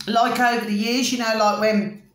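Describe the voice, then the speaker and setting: This middle-aged British woman's voice is on the high side with little pitch movement and a moderate pace, heard in an echoey room. As a vlogger she chats in a rambling monologue to camera, repeating "do you see what I mean?" and "ding ding."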